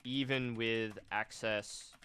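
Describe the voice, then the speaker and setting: Slow-talking man with a stuffy nose. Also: lowish voice, fairly even intonation, sharp tone, clean tone. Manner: slow, thoughtful, reads chat aloud. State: nasal from a cold. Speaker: streamer. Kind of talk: casual live-stream chat about card games.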